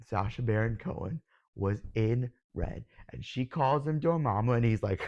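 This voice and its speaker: Young man, excitable and gushing, gravelly tone, dry close sound. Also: lowish voice, moderate pace, dry recording, dull audio. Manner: excitable, gushing, yells when thrilled. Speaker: YouTube reviewer. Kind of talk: excited casual review.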